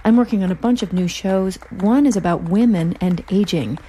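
A woman's voice: medium pitch, moderate pace, warm tone, a little hiss or hum. A middle-aged woman hosting a podcast, reading her own short story aloud in a wry, dry way.

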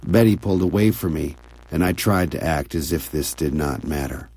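A man narrating an audiobook story in a quiet, measured, intimate way. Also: extremely low pitch. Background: soft music.

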